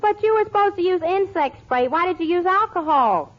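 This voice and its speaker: A woman's voice: very high-pitched, animated, a little fast. A woman playing a cheerful, naive country girl in a 1940s radio comedy, talking in folksy rural slang and giggling. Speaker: show star. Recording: muffled old radio broadcast, studio audience.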